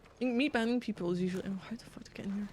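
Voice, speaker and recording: A woman streams a video game and chats casually with her viewers. She talks bluntly, and her speech is full of swearing. Her voice sits at a middle pitch. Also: very fast, a little mellow, a little hiss or hum. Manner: blunt, profane and chatty. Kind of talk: casual livestream commentary.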